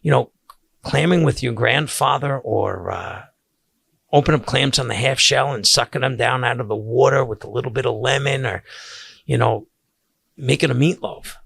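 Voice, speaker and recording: A man's voice: mid-range voice, moderate pace, gravelly, breathy edge, no echo. An older man with a Long Island accent hosting a podcast, telling family stories casually with many restarts. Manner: animated storyteller with many restarts. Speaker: podcast host, caterer. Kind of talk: casual storytelling.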